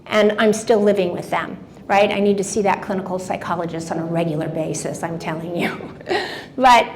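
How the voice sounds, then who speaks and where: Lively woman in her seventies, speaking. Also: on the low side, moderate pace, a little hiss or hum. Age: 70s. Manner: lively, addresses the audience directly with questions. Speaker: motivational speaker. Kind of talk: live talk to an audience. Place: event room with a seated audience.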